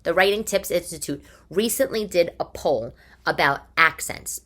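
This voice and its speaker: A woman's voice: lowish voice, expressive, moderate pace, fairly bright tone. A woman in her forties with a strong New York accent, hosting a casual monologue podcast in a chatty, exasperated, wisecracking way. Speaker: podcast host. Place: living room.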